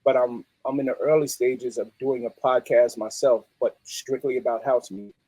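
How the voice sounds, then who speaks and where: A middle-aged man, a musician guest telling stories in a streetwise, animated way. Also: mid-range voice, moderate pace, dry recording, poor audio. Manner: animated, streetwise, peppered with "you know what I mean". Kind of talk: casual interview storytelling.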